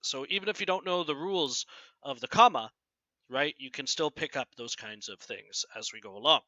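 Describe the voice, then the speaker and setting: A man teaching a grammar lesson, often asking "right?" and reading example sentences aloud with clear pauses. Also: medium pitch, bright, forceful tone, no room sound, lo-fi sound. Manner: keeps asking "right?" to check understanding. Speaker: English teacher.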